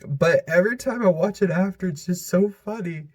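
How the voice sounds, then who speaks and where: A man's voice: high-pitched, fairly quick, a little mellow. A man giving a giggly, rambling casual commentary countdown as a vlogger, full of filler words.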